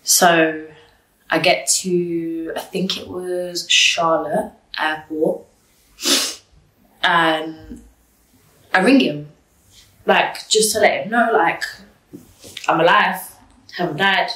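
A woman telling a personal story in an interview, blunt and animated, swearing freely. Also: fairly low pitch, slow pace, pauses often. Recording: roomy, distant mic.

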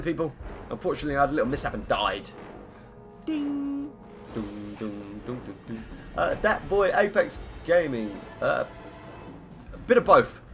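A man with a croaky voice chatting through live gameplay commentary, greeting viewers and humming between lines. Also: medium pitch, fairly bright tone. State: hoarse, croaky voice. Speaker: game streamer. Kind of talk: live gameplay commentary, reading chat aloud.

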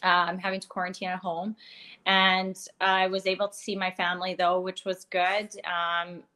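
A woman from Canada in her thirties, a guest in a casual interview, talking candidly with many pauses and fillers. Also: fairly low pitch, flat delivery, sharp tone. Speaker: guest, curler.

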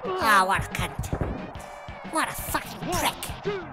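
A high-voiced British woman curses her way through a retro boxing game, her pitch leaping wildly as she cheers and yells. Game music plays loudly behind her. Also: sing-song, takes it slowly. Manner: foul-mouthed, shouting insults at the screen. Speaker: gamer. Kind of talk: let's play commentary.

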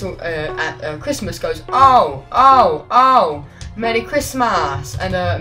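A woman's voice: fairly low pitch, rough recording. A woman giving chatty, rambling, jokey commentary while playing a video game. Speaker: gaming YouTuber. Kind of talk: casual let's-play commentary. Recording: quiet music under the voice.

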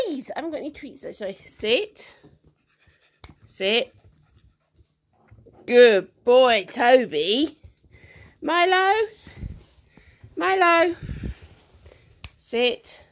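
A woman's voice: on the high side, sing-song, drawn-out words, pauses often. Woman, home video, leisurely and very sing-song, coos at pets. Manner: cooing, sing-song baby talk to puppies. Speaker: dog breeder filming her puppies. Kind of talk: casual chat to dogs while filming. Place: indoor living room at home. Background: puppies playing.

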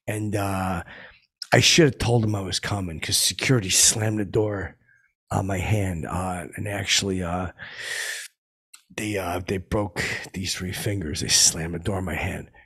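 A man telling a rambling, halting story in a deadpan way, full of fillers and sound effects, as a boastful hanger-on. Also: low-pitched. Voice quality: gravelly, husky. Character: dim, boastful washed-up male hanger-on telling tall tales. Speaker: comedy podcast host in character.

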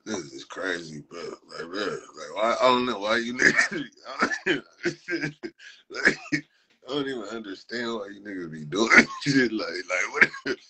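A man's voice: on the low side, animated, a little slow, noisy background. A man from Compton in Los hosts a live stream, mocking viewers in profane, casual talk with frequent laughs. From Compton, Los Angeles.

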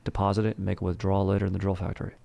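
A low-voiced man with a gravelly, fry-laden edge rambles through a comedic podcast monologue. He talks like a boastful bro salesman, dropping "dude" and "bro" at the end of nearly every line. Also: flat delivery, rapid-fire, mellow, lo-fi sound. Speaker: podcast host.

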